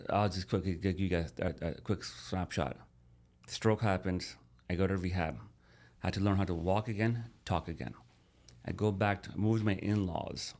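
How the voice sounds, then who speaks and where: A man's voice: low-pitched, steady tone, normal speed, a little mellow. A middle-aged man, a podcast guest, telling his life story casually and animatedly, calling the host "bro".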